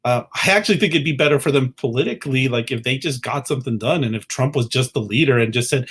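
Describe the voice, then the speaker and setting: A man's voice: medium pitch, fast talker, few pauses, a bit bright, breathy edge. A man co-hosting a podcast in casual political chat, earnest and often restarting his sentences. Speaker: podcast co-host.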